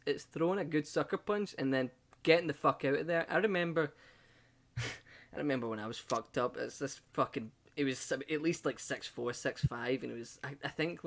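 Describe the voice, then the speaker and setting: A man hosting a casual podcast, telling stories with lots of swearing. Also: mid-range voice. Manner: sweary, animated storyteller. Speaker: podcast host.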